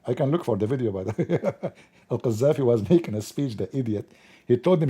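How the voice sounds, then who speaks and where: A man's voice: medium pitch, expressive, fairly quick, mellow, breathy edge. A man hosting a live stream, joking sarcastically with mock outrage as he comments on the news.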